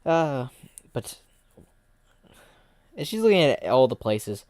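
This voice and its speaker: A man's voice: mid-range voice, very animated, takes it slowly, darkish tone, no room sound, clean studio sound. A man streaming and narrating an improvised fan story, rambling and restarting sentences.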